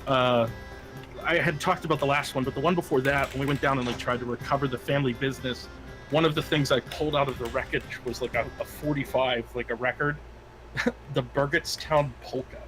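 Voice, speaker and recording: A man's voice: medium pitch, fairly even intonation, brisk, low-quality recording. Brief: a casual, rambling male player, with music in the background. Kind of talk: tabletop game chat.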